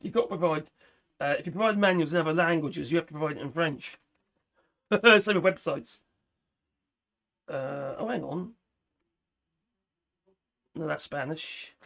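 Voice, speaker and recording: A man with a fairly high voice chats away as he unboxes a microphone, muttering to himself as he fiddles. Self-mocking and casual, he talks straight to camera from an indoor home setup. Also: a little slow, creaky, pauses often, fairly bright tone. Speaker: product reviewer.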